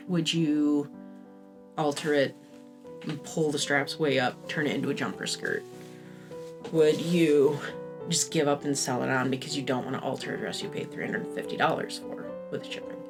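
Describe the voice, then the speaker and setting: A fashion vlogger in her thirties speaks at normal speed in a low-sitting voice, with music playing behind her. Her casual review vlog is candid and rambling, self-deprecating and full of swearing.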